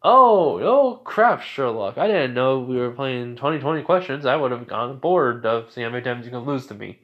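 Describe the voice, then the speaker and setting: A man's voice: medium pitch, brisk, highs cut off, natural voice. A man voicing a taunting, smug young vampire man who sneers and mocks theatrically. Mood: sneering.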